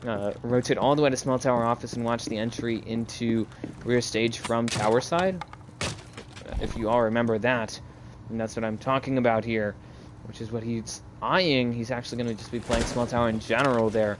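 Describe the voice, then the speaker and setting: A man casting an esports match on his own, mixing quick play-by-play with loose, rambling asides to viewers. He speaks into a close mic at a middling pitch. Gunfire and game sounds keep up clearly behind him. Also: steady tone, noisy background. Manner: casual, rambling, chats with viewers between plays. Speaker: solo esports caster. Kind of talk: live esports play-by-play commentary.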